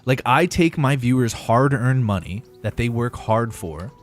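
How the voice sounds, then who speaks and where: A man's voice: medium pitch, lively intonation, unhurried, soft background music. A young man streaming a game live, rambling and joking with his chat in casual, profane banter at a desk microphone. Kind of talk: casual gaming livestream chat.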